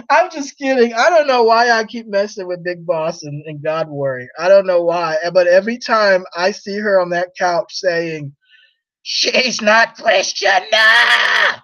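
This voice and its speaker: A man's voice: sits high, normal speed, a bit bright, lo-fi sound. A man chatting casually on a livestream in a rambling, teasing way, laughing often.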